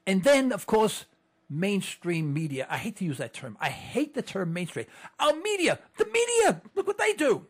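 Hosting a political talk show, a man rants with fervor through an impassioned monologue, repeating phrases to drive points home. He sounds high-pitched and sing-song with a breathy edge at a normal speed, captured on a computer mic setup.

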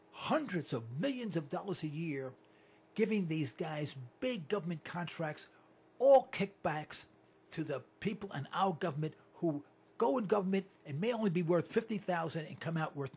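A male radio talk show host, delivering an animated, ranting, opinionated monologue into a studio microphone. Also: fairly high pitch, breathy edge. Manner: animated and ranting, with repeated catchphrases.

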